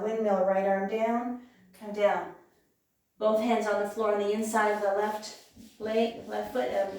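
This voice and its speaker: Woman, yoga instructor, calm encouraging cues, occasional hoarseness, big echoing room, distant mic. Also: medium pitch. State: clearing her throat, losing her voice. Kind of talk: guided yoga class instruction. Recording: very echoey room, voice from far off.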